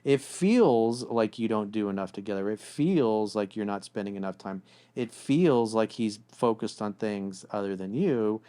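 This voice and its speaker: A man's voice: on the low side, measured pace, hardly any pauses, clear, resonant tone. A man giving relationship advice in a blunt, casual way, often acting out what partners say to each other. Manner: blunt, animated, acts out quoted voices. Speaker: relationship coach.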